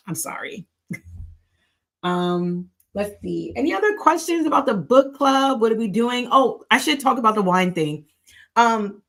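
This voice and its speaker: American woman running a book club stream, casual and playful, kinda low voice. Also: fairly bright tone. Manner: chatty, playful, laughing asides. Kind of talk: casual livestream chat.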